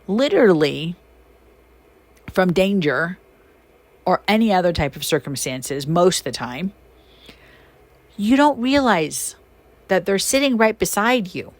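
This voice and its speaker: A woman hosting a podcast, telling stories in a casual, chatty monologue with many fillers and sudden emphatic rises in pitch. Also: slow, long pauses, dry recording. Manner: animated, emphatic, swings her pitch up when excited. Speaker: podcast host and shaman.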